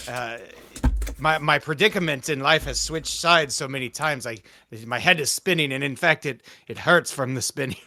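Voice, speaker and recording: A man's voice: a little high, moderate pace, bright, forceful tone. A man playing a tabletop game, hesitant and stammering as he speaks for his character. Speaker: player.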